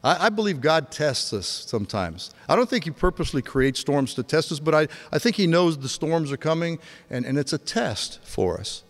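A man in his sixties preaching a sermon, telling stories with energy and dropping to a hush for emphasis. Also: a little high, normal speed, hardly any pauses. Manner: animated storytelling, swings from loud to hushed. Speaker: pastor. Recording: long hall reverb.

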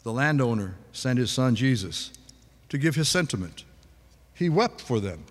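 A man preaching a sermon in a relaxed conversational way, asking the congregation questions. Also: medium pitch, normal speed, in a large hall. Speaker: pastor.

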